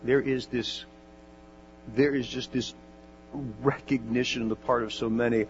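A male pastor preaches earnestly, building toward fervent exhortation and prayer. His voice is medium-pitched, steady and at a normal pace. The recording is dull and lo-fi, with a mains hum.

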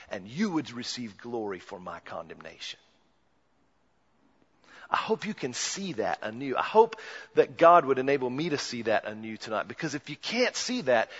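A man preaching a sermon, swinging from hushed near-whispers to loud impassioned cries, recorded in a church. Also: medium pitch, husky. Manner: dramatic swings from hushed to shouting. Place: church sanctuary. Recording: muffled church recording with long reverb.

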